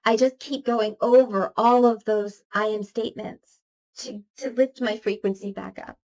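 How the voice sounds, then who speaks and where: A woman's voice: on the high side, steady tone, measured pace, a little mellow. Earnest woman reciting affirmations. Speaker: spiritual teacher. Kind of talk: motivational spiritual talk.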